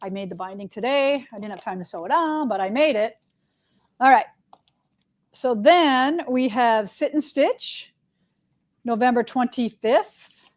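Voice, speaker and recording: A middle-aged woman chats through shop news on a live stream. Her voice sits a little high, and her delivery is friendly, upbeat and loose, full of "all right" and "right?" as she moves from item to item. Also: lively intonation, unhurried, pauses often. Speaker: quilt shop owner hosting a live show. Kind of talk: casual live-stream chat with announcements.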